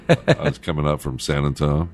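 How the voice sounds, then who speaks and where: A man's voice: very deep voice, very animated, a little fast, darkish tone, husky. A middle-aged man, a radio host and former DJ, telling loose stories in casual chat and laughing as he goes.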